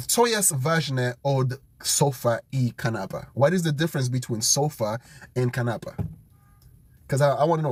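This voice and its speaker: A man studying vocabulary out loud, thinking aloud, repeating words and making up memory tricks in a casual chat. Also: medium pitch, dry recording. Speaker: language learner streaming his study session.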